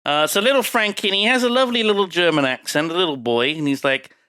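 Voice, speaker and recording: A man's voice: high voice, quick pace, pushed and bright, smooth, dry recording. A man co-hosting a podcast, recapping a film in a wry, casual way with some swearing. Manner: wry, swearing, puts on character voices. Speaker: podcast co-host.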